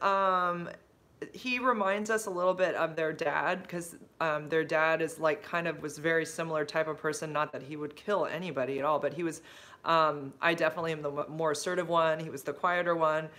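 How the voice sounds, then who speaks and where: A woman's voice: sits low, fairly even intonation, fairly quick, a bit bright. A middle-aged woman hosting a casual livestream, answering viewer comments in a rambling, chatty way with many fillers and restarts. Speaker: livestream host.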